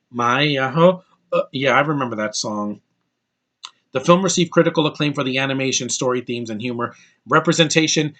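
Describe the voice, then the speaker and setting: A man's voice: mid-range voice, fairly bright tone. A man in his thirties giving a casual movie review, rambling and blunt, with frequent restarts and profanity.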